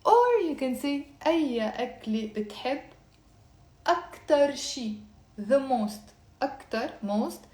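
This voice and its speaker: A Lebanese woman teaches a live online language lesson, patiently repeating phrases slowly and then faster. Her voice sits high and sounds animated and a little mellow, in a roomy space.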